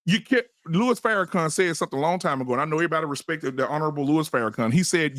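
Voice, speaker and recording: A man's voice: on the high side, racing, hardly any pauses, fairly bright tone, dry recording. A man hosting a podcast, talking in a preachy, profane and emphatic way in heated panel talk. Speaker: podcast host. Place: live-stream podcast studio.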